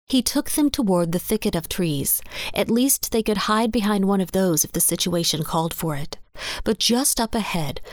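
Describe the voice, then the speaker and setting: A woman narrating a western story in a steady, even reading voice. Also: mid-range voice, no echo, studio quality. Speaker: audiobook narrator.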